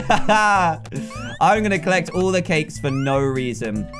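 A young British man in his twenties giving excitable, jokey let's-play commentary, talking to the characters as he plays. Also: sits high, unhurried, music in the background. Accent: British English. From England. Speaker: gaming YouTuber.

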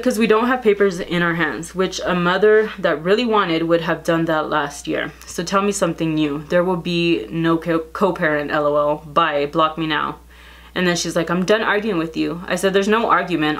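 Blunt, swearing woman telling gossip. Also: lowish voice. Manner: blunt and profane, reading out text messages. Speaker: vlogger. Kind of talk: casual storytime gossip.

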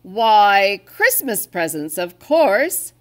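A woman voicing Santa, a jolly, grateful old man in a storybook, speaking heartily and exclaiming warmly. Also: medium pitch, big pitch swings, very slow. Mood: explaining.

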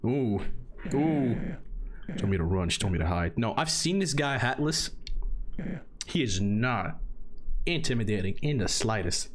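A man streaming a video game, reacting excitably, repeating phrases and swearing. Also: lowish voice, measured pace, long pauses, a little hiss or hum. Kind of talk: live gameplay commentary.

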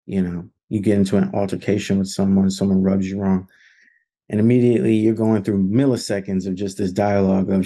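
A man's voice: low voice, flat delivery, a little fast, mellow, breathy edge. A man leading an online film study group, talking in an earnest, conversational way with plenty of fillers. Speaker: discussion leader.

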